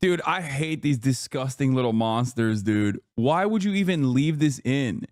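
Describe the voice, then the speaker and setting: A man's voice: mid-range voice, lively intonation, unhurried, a little mellow, no room sound, studio quality. A man streamer giving profane, sarcastic commentary on a video. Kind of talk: casual live-stream commentary.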